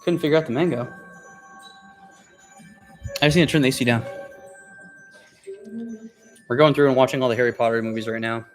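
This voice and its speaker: A man's voice: mid-range voice, fairly even intonation, a little fast, pauses often, faint music behind. A young adult man hosting a casual livestream from home and his garage, rambling in an easygoing way to viewers and his pets while walking around with a handheld phone or camera. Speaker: car vlogger hosting a livestream.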